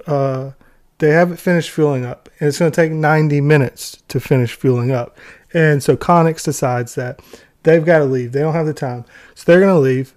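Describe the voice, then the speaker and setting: A man talks in loose, casual commentary, heavy with sarcasm and mock outrage. His voice sits a little higher than most men's. He rambles, restarts and piles on exaggerated scorn. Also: a little mellow. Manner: sarcastic, ranting, mocking.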